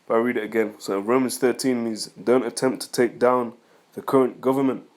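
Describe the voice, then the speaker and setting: A man's voice: mid-range voice, fairly even intonation, brisk. A man reading scripture aloud and commenting on it in a loose, argumentative teaching style, speaking straight to his critics. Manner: rambling, conversational, reads scripture aloud then comments; argumentative, addresses critics directly. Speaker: religious teacher. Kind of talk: informal scripture teaching and rebuttal.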